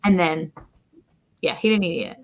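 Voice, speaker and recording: A woman's voice: fairly low pitch, moderate pace, dull audio. A woman guest in a casual chat about homesteading, chatty and bubbly as she retells family moments. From American.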